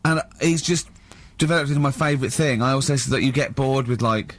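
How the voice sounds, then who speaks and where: A man's voice: medium pitch, brisk, a bit bright, no echo. Giggly English man hosting radio. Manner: giggly, teasing, tells stories in bursts. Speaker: radio host. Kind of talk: casual comedy radio chat. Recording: radio studio.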